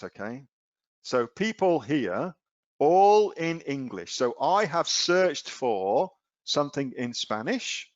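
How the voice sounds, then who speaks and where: A man's voice: a little high, dry recording, lo-fi sound. A man with an Australian accent coaching viewers in a live screen-share webinar, casual and blunt, often throwing rhetorical questions at his audience. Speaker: online selling coach.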